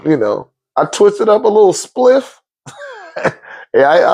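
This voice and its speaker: A man in his forties or older tells a long story in a loose, profane, animated way, laughing often. His voice sits a bit high for a man, and he jumps much higher when he acts out what people said. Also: unhurried, no echo. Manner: acts out quotes with sudden high-pitched outbursts. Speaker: podcast host telling a story. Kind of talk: casual storytelling.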